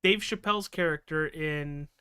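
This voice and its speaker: Guy hosting a nerd podcast, bright clean voice, kinda high, goofy and chatty. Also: moderate pace, smooth, no room sound, studio quality. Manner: joking, loose, swears, many fillers. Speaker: podcast host. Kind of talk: casual podcast chat. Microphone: podcast mic over video call.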